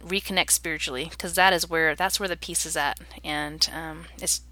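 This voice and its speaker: A woman's voice: low voice, steady tone, moderate pace, bright, forceful tone. A woman in her thirties, an interview guest, telling a personal story in an earnest, reflective way.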